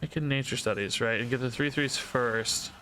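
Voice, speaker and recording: A man's voice: mid-range voice, normal speed, sharp tone, a little hiss or hum. A man streaming a card game, thinking aloud, questioning himself and joking between plays. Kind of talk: live-stream gameplay commentary.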